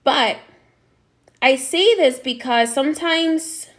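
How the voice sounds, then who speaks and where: Woman, spiritual teacher, casual story monologue, higher pitch, chatty with frequent check-ins. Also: slow pace.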